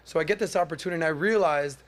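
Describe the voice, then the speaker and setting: Animated man telling a story. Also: a little high, very fast. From Miami area. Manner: animated, acts out quotes in mock voices. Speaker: podcast host. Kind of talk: casual storytelling monologue.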